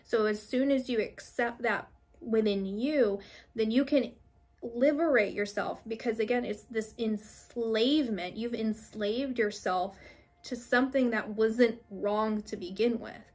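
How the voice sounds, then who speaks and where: A young woman giving a casual spiritual card reading, rambling with many fillers and restarts, gently reassuring. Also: fairly high pitch, a little slow. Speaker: tarot reader.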